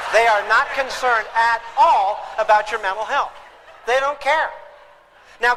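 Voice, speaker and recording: A man giving a humorous parenting seminar, talking in an animated, theatrical way. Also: very high voice, in a large hall, a little hiss or hum, poor audio. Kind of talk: humorous live seminar talk. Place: lecture hall with an audience.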